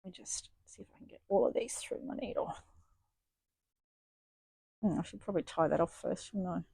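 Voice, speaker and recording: In a dry recording with no room sound, a woman with a lowish, gravelly, husky voice and dark tone talks at a moderate pace. A stitching vlogger, she chats and thinks aloud at her home craft studio, chatty and self-deprecating as she stitches.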